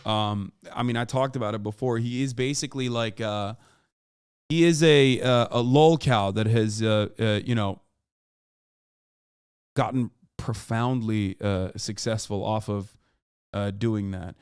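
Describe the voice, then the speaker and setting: A man in his thirties talks through a live reaction stream in a smooth, resonant voice, recorded dry and close with no room sound. He rambles with plenty of fillers and restarts, swears freely and flares up now and then in loud exasperation. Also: fairly low pitch, measured pace, dry recording. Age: 30s. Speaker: streamer and political commentator. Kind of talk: casual reaction-stream commentary.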